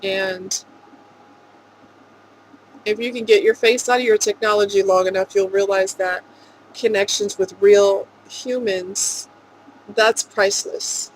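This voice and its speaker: A woman speaking earnestly and emotionally in a rambling vlog monologue, with soft laughs. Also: medium pitch, fairly even intonation, slow, long pauses, slight background noise, rough recording. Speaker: vlogger.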